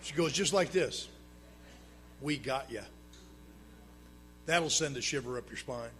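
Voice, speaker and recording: Man, recovery meeting speaker, bright tense voice, loud bursts and hushed asides, faint hum behind. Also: a little fast. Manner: swings between loud emphatic bursts and low hushed asides; plain-spoken storyteller with dry humor. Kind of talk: personal recovery story told to an audience. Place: meeting room with a live audience.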